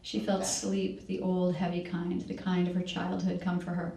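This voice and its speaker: A woman reading her novel aloud at a public library event. She reads at a measured pace and now and then corrects herself. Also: fairly low pitch, completely flat delivery, gravelly, dark tone. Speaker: author reading. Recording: echoey room, distant mic.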